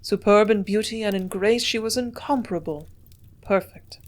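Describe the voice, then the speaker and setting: A woman reading a classic novel aloud as an audiobook narrator, with a measured, steady storytelling delivery. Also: medium pitch. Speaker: audiobook reader.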